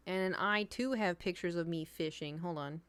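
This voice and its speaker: A woman's voice: on the low side, moderate pace, a bit bright, clean tone. A young adult woman streaming, chatting casually with her viewers, rambling and laughing often.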